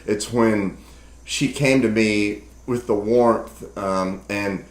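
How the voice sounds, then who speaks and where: A man co-hosting a marriage talk show, chatting casually and animatedly. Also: takes it slowly. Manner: animated, mimics others in a high voice. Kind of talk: casual chat. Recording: echoey room with faint background noise.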